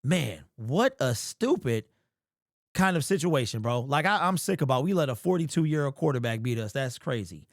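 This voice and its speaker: A man hosting a sports fan vlog, talking in casual, animated commentary with slangy, emphatic exclamations. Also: mid-range voice, moderate pace, dry recording, clean studio sound. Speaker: sports fan channel host.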